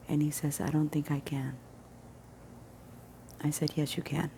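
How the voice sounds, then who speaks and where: Low, gravelly woman telling a story. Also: flat delivery, measured pace, slight background noise. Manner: earnest, emphatic, often drops to a hushed near-whisper. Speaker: vlogger. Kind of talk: casual vlog storytelling.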